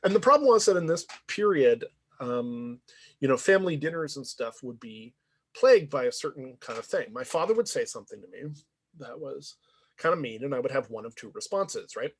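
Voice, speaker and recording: A man's voice: mid-range voice, sing-song, a little fast, slightly rough. A man lecturing in a conversational, reflective way, often checking in with "right?". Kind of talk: university lecture.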